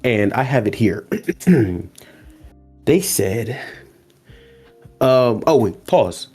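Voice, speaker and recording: Over faint music, a man with a mid-range, breathy voice talks very slowly as he hosts a casual anime recap podcast. He tells the episodes in an animated way, voicing characters' lines and laughing often.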